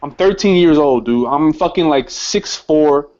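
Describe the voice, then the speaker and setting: A man's voice: on the high side, expressive, unhurried, a little mellow. A young man hosting a show and telling a personal story in a casual, heated way, swearing and stammering over his words, shaken as he talks. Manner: heated, profane, stammering repeats. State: emotionally shaken. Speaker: host. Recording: slightly muffled lo-fi recording.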